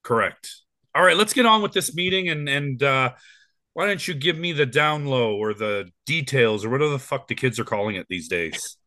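This podcast co-host, a man in his forties, has a medium-pitched, sharp-toned voice that's animated and at normal speed, with no room sound. His casual talk rambles along, full of fillers and restarts.

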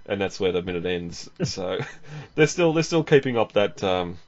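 Low-voiced man chatting, chuckling often. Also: very animated, normal speed, few pauses, darkish tone. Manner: rambling, chuckles often, many fillers. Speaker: podcast host. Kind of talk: casual film commentary. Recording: dull lo-fi audio.

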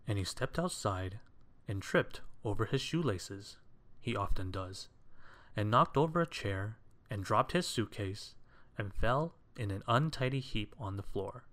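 A man reading a children's story aloud in a measured, expressive way. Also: on the low side.

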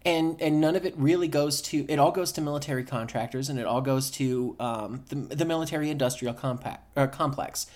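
A man's voice: mid-range voice, brisk, few pauses, darkish tone. A man co-hosting a podcast in casual chat, blunt and swearing freely as he builds into rants. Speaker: podcast co-host.

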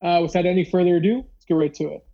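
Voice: medium pitch, racing, muffled recording. A podcast host telling a long story in casual chat, rambling with lots of fillers and acting out the other people's lines. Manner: rambling, filler-heavy, acts out dialogue.

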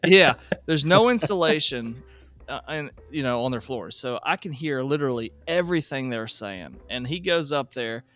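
A man's voice: medium pitch, moderate pace. A man telling a rambling work story. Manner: animated, self-deprecating, laughs a lot. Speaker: podcast host, HVAC technician. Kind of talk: casual storytelling.

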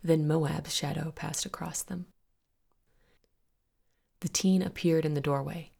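A woman reading a horror story aloud in a low, gravelly voice. Her delivery is hushed and husky, often dropping to a whisper for dramatic effect. She hosts a spooky story podcast. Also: steady tone, slow pace. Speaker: story narrator and podcast host.

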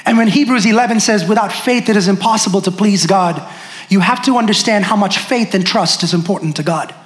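Male pastor, high voice, lively storytelling sermon, roomy echoey sound. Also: a little fast. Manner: animated, addresses the congregation directly. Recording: echoey room.

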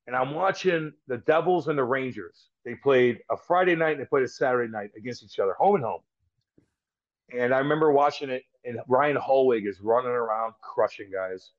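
A man's voice: mid-range voice, lively intonation, a little fast. A man who is a former pro hockey player, guest on a podcast, rambling through a story with lots of swearing and restarted sentences. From St. Louis, US. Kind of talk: casual storytelling. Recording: slightly dull lo-fi sound.

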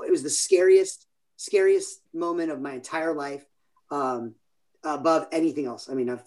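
Rambling man with a higher voice. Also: darkish tone. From California. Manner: rambling, self-interrupting storyteller. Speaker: podcast guest. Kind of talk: casual interview chat.

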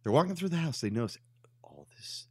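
A man from Texas co-hosting a podcast, recapping a movie in animated, profane casual banter and laughing often. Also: mid-range voice, brisk, husky, dry recording, clean studio sound. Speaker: podcast co-host.

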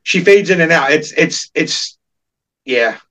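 An animated man giving strong opinions in a loose, laughing way. His voice sits a little high for a man and sounds set back from the microphone, with some distance in the pickup. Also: slow. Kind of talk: casual chat.

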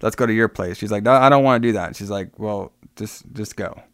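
A man's voice: lowish voice, brisk, fairly bright tone, no room sound, clean studio sound. A man casually retelling a film's plot scene by scene, with many fillers and asides. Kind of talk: casual movie recap chat.

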